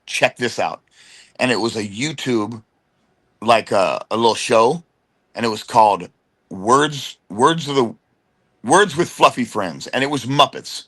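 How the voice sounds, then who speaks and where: A middle-aged American man, a wrestler on as a guest, tells stories in a casual chat. His medium-pitched delivery is animated and slangy, and he slips into quick impressions.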